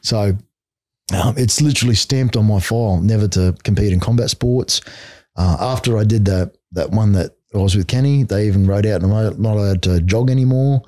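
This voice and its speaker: A middle-aged Australian man talks in a fairly low, mellow voice. He tells his stories bluntly and casually, swearing freely and scattering "mate" and "like" through his speech, like a guest on a chat podcast. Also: fairly quick, dry recording, clean studio sound. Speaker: podcast guest, martial arts coach.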